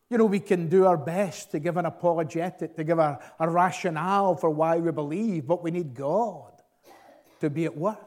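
A man preaching a sermon in an earnest, emphatic way, often pausing with fillers and repeating words as he builds a point. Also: on the high side, a little mellow. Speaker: pastor.

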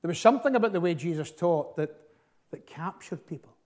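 A man delivers a sermon in a slightly high voice. He preaches earnestly and emphatically, rising and falling in force, often stalling on fillers and repeated words as he presses his point. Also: animated, a little fast, a little mellow. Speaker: pastor.

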